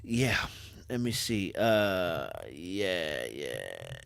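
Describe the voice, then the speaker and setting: A young man hosting a casual livestream, reading comments from his chat. He talks in slang, gets excitable and laughs often. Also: sits low, extremely slow, creaky, clear, resonant tone, dry recording. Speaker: livestream host.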